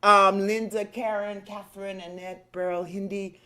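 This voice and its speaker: A woman's voice: medium pitch, little pitch movement, normal speed, pushed and bright. A woman hosting a livestream singing program, exuberantly whooping and greeting viewers one by one by name over a video call. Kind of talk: lively livestream welcome.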